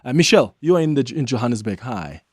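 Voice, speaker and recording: South African radio host in a dry studio. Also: male voice, mid-range voice, animated, fast talker, no room sound. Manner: conversational, engaged, often laughing with callers. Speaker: radio talk show host. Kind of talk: call-in radio talk. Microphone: studio microphone.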